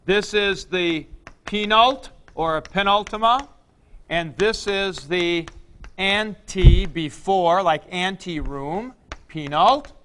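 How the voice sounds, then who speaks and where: A man's voice: sits high, fairly bright tone, a little hiss or hum. A man lecturing a class on Greek accent rules, with chatty asides and jokes to his students. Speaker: Greek teacher.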